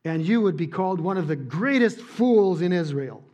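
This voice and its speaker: A man voicing a clear-minded young woman who pleads urgently with raised voice. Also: sits high, lively intonation, moderate pace, mellow, voice pushed up. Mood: pleading.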